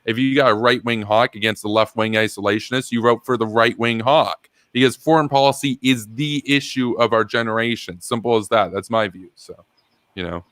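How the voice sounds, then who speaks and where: A man's voice: mid-range voice, steady tone, brisk, fairly bright tone, no room sound, clean studio sound. A man hosting a live political stream, talking casually and with animation, reading chat messages aloud and laughing often.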